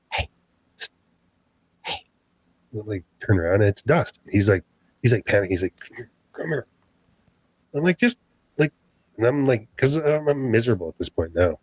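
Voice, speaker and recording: Low-voiced man telling a spooky story. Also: dry recording, poor audio. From Canada. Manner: animated, acts out quoted dialogue. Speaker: podcast guest. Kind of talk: storytelling an encounter.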